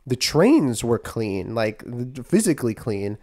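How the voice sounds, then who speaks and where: A young man from New York co-hosts a casual podcast and rants with animated energy, laughing often. His voice sits in a warm, mellow register at a middling pitch. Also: unhurried. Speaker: podcast co-host. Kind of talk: casual chat.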